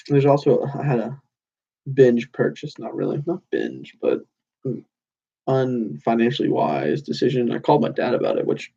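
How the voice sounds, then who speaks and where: A man's voice: mid-range voice, vocal fry, mellow, slightly rough, lo-fi sound. A young man rambling casually to his channel's viewers, loose and meandering with lots of fillers and restarts. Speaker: channel host. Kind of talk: casual rambling monologue to camera.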